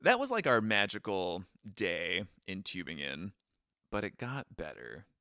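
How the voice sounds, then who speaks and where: A man's voice: sits low, wildly swooping pitch, a little slow, pushed and bright, dry recording, clean studio sound. A young man co-hosting a podcast, telling a travel story in casual chat with goofy impressions and a read-from-notes stretch. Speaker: podcast co-host.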